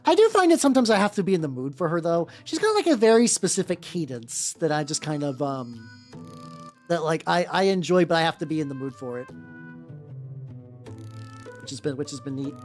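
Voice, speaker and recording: Woman, VTuber streamer, casual rambling chat, lots of fillers and restarts, nerdy voice, lowish pitch, very lively intonation, soft music behind. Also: a little fast, pauses often. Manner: rambling, full of fillers and self-interruptions; self-described nerdy voice. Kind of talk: casual live-stream chat while painting miniatures. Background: faint background music.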